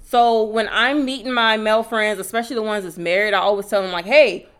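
A young adult woman co-hosting a casual podcast chat, straightforward and animated, playful with quick quoted asides. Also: mid-range voice, clean tone. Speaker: podcast co-host.

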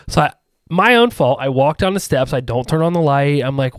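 A man's voice: on the high side, animated, brisk, dry recording, clean studio sound. A man telling a long rambling anecdote in casual podcast chat, full of asides and restarts. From rural US.

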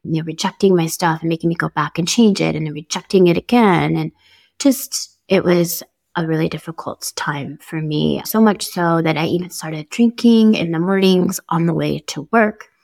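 Candid woman with a low, gravelly voice. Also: moderate pace, no echo. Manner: candid, conversational, upbeat with soft laughs. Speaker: podcast host. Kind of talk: personal storytelling monologue.

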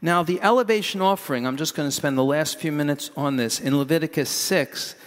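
A man's voice: on the high side, brisk, big-room sound. A man preaching a sermon in a loose, conversational way, with rambling asides and restarts.

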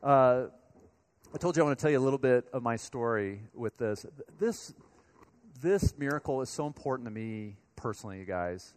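A pastor from Colorado giving a sermon, speaking to the congregation in a conversational, storytelling way. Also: male voice, mid-range voice, lively intonation, normal speed. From Colorado, USA.

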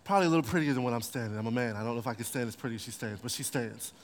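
A man's voice: mid-range voice, very fast. A man preaching a sermon, telling the story playfully and animatedly with slang. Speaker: pastor. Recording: long hall reverb.

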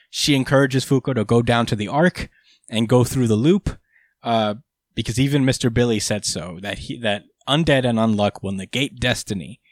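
A man's voice: medium pitch, no room sound, studio quality. A young man co-hosting a casual podcast, recapping a manga chapter in a rambling way with lots of fillers. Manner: rambling, filler-heavy retelling. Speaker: podcast co-host.

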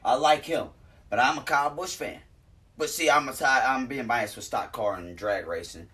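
A man's voice: mid-range voice, normal speed, fairly bright tone. A man in a casual chat, laid-back and profane, talking about racing. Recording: voice from far off the mic.

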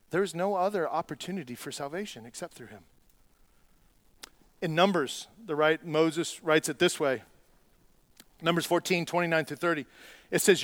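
Guy preaching to his church, high voice, goes quiet then gets loud and fired up, dry close sound. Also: no echo. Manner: swings from quiet earnest asides to loud rising exhortation; conversational preaching with restarts and plain talk. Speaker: pastor. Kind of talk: sermon.

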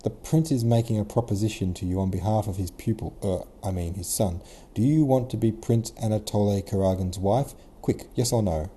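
A man's voice: lowish voice, fairly quick, hardly any pauses, warm tone, slight background noise, close to an everyday voice. A man voicing a stern old prince who barks curt orders and repeats himself. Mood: impatient. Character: stern shouting old prince, gruff father.

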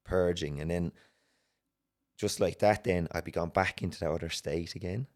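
Irish guy, really low voice, telling his story in bits and restarts. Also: fairly even intonation, darkish tone. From Ireland. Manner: earnest, halting, with many restarts. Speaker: guest. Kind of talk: personal story in a podcast interview.

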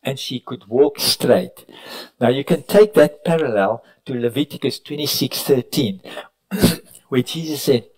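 A man preaching a sermon at a retreat, telling stories, rising to loud cries and dropping to near whispers, sometimes correcting himself mid-sentence. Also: mid-range voice, a little slow, rough recording. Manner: preaching with sudden rises and hushed drops; storytelling with self-corrections. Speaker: pastor. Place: retreat meeting room.

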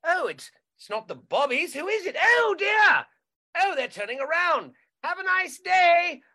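A cheerful, courteous English homeowner, as a man puts him on for a bit. The voice sits high and bright, with fussy, sing-song politeness and an English accent. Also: sing-song, a little slow, heavily acted. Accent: English, put on. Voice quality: chirpy and courteous, higher pitched.

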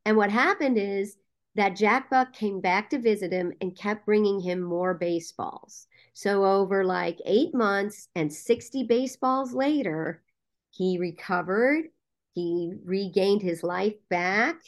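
A woman guest on a podcast interview, a casting director and producer telling a story in a lively way with frequent "um" fillers. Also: medium pitch, takes it slowly.

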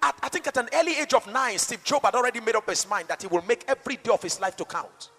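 High, bright-voiced preacher. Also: male voice, quick pace, big-room sound, faint music behind. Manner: dynamic, rhetorical, swings between shouting and soft asides. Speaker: pastor. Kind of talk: sermon.

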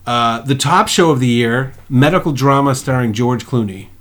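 A man's voice: mid-range voice, moderate pace. A man co-hosting a podcast in casual, profane chat, rambling about old movies and TV shows. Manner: profane, rambling, acts out movie scenes with loud voices. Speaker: podcast co-host.

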